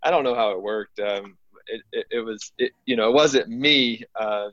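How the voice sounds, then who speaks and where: A man's voice: medium pitch, normal speed, fairly bright tone, no echo, highs cut off. A man working as a dentist, talking hesitantly with many restarts in a casual chat.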